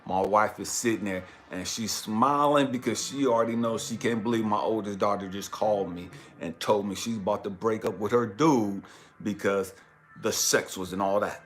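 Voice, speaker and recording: A man working as a life coach, telling a story as a profane, emphatic rant that builds to shouting. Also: on the low side, moderate pace.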